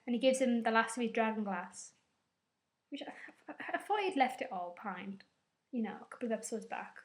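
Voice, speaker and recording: A woman with a somewhat high voice recaps a TV episode in a loose, rambling, chatty way. She is openly emotional and swears now and then. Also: a little fast. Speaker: vlogger.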